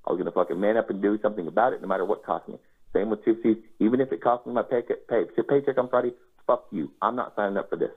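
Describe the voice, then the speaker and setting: A man's voice: on the low side, fast, husky. A man telling a casual first-person anecdote, swearing freely and acting out his own quoted lines. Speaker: storyteller. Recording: tinny phone-like sound.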